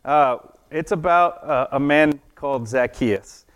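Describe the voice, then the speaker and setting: A man's voice: a little high, takes it slowly, clear, resonant tone. A man giving a casual children's sermon, chatty and playful, often asking the kids questions and laughing at his own jokes. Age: adult. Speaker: children's church teacher. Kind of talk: children's sermon with object lesson.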